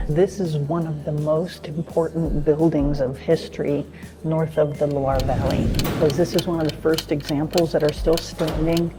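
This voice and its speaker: A woman's voice: sits low, flat delivery, moderate pace, music in the background. A woman vlogging on a trip, casually narrating sights, prices and opening hours like a tour guide. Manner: chatty, informative tour guiding. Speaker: travel vlogger. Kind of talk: casual travel vlog narration.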